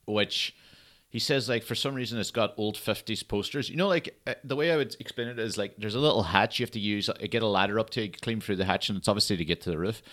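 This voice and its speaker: A man's voice: on the low side, fast talker, a bit bright. A man, talking at home on a solo comedy podcast in rambling, sweary rants. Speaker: podcast host.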